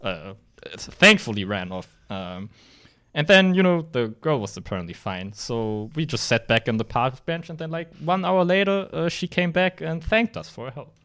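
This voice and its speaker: A man's voice: mid-range voice, lively intonation, normal speed, fairly bright tone, smooth. Rambling young man. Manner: rambling storytelling with many fillers. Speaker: podcast host. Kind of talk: casual podcast chat.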